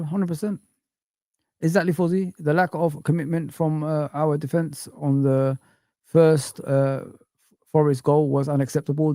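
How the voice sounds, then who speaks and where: A man's voice: a little high, mellow, no room sound. Young male streamer, exasperated swearing rant, dry close mic. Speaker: fan channel livestream host. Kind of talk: casual livestream rant.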